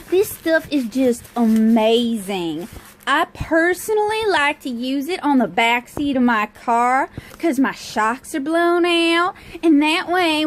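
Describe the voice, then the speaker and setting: Woman doing a genteel Southern lady with a thick sweet drawl, mock-gracious, bit high, on a phone mic. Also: slight background noise, poor audio. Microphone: cell phone held in hand.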